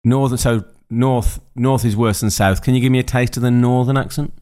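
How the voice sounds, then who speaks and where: A man's voice: medium pitch, fairly even intonation, mellow. Man hosting a casual chat podcast. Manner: quiz-style prompting, drawn-out sentence starters. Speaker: podcast host.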